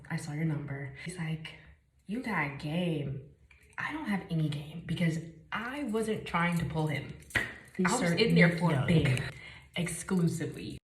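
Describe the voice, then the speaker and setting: A young woman from Chicago telling a story time while doing her makeup, animated, dropping to whispers and jumping up in bursts. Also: fairly low pitch, normal speed. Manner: animated, jumps between whispers and bursts of exclaiming. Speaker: vlogger. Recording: echoey room, faint noise.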